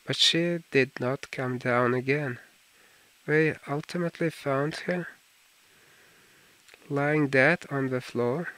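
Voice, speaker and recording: A man voicing a cool, worldly aristocrat in an audiobook, measured and urbane in manner. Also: mid-range voice, fairly bright tone, no room sound, low-quality recording. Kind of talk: audiobook character reading.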